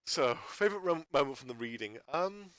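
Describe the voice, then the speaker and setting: A man with a bright, forceful voice rambles off the cuff. He often trips over his words and restarts sentences, and he rants in exasperation. The sound is close and dry. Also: a little high, animated, a little fast, clean tone, dry recording. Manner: stumbling, restarting, exasperated ranting. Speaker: YouTuber reviewing a channel. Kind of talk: unscripted rambling monologue.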